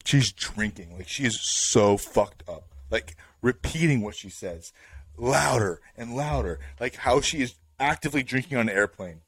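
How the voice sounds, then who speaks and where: A male podcast host telling a rambling story in a casual chat, full of fillers and slang, getting louder as it builds. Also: mid-range voice, normal speed, husky, no room sound. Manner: rambling, filler-heavy with "like" and "bro"; animated, builds up to louder bursts.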